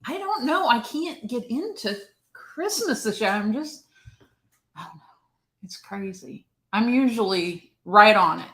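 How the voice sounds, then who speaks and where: A woman's voice: on the high side, animated, measured pace, a bit bright. Lady cohost on a live stream, friendly, laughs a lot, reads off names. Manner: friendly, laughs often, greets viewers by name. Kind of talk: casual live-stream chat.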